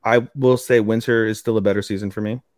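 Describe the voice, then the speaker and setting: Excitable swearing man on a podcast. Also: on the low side, fast, no echo, clean studio sound. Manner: excitable, swears freely, lots of fillers. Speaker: podcast co-host. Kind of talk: casual chat.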